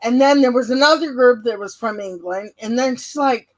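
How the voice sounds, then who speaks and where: A woman's voice: on the high side, moderate pace, poor audio. A woman hosting an online interview, playful and giggly. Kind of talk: casual online interview chat.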